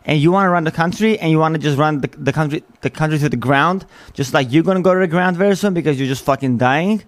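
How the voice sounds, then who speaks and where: A man's voice: fairly high pitch, quick pace, no echo, close to an everyday voice. A man putting on the voice of a confused, rambling elderly male politician in a mocking tone.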